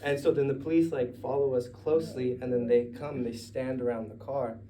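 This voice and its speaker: A man's voice: medium pitch, fairly even intonation, fairly quick, mellow, recorded from a distance, slight background noise, rough recording. A Mexican American man telling a story at a live story night in a conversational, digressive way, with laughing asides. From United States.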